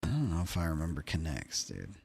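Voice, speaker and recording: A man's voice: a bass voice, huge pitch swings, brisk, creaky, a little mellow, breathy edge, no echo. Young guy streaming, swears and jokes with chat, voice jumps all over, dry mic. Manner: loose, swearing, jokey with chat. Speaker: livestreamer. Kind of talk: casual chat.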